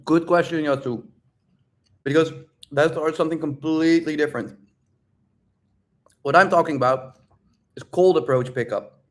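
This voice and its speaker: Loud, blunt male dating coach. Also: on the high side, normal speed, long pauses. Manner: emphatic, drill-like repetition. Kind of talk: live-stream Q&A advice.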